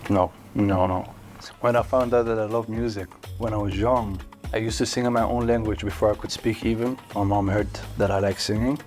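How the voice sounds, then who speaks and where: Young guy, kinda low voice, joking around while he tastes food, bit of music in the back. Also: fairly even intonation, a little fast, a little mellow. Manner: playful, chatty, laughs often. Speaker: singer. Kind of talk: casual food-tasting chat.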